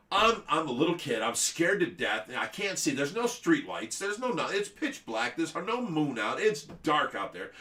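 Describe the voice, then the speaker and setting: Animated, laughing middle-aged man storyteller. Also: a little high, far from the mic. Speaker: fish rescue livestream host. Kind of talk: livestream storytelling. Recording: echoey room, away from mic.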